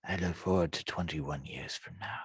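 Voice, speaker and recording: A man voicing an old father, soft and wistful, saying his goodbyes in a tabletop game. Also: low-pitched, moderate pace, breathy edge, no echo, studio quality. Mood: fond. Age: older.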